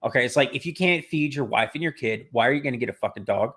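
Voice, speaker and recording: A man's voice: medium pitch, lively intonation, a bit bright. Blunt, profane man in casual chat. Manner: blunt, profane, talks in quick bursts. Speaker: podcast co-host.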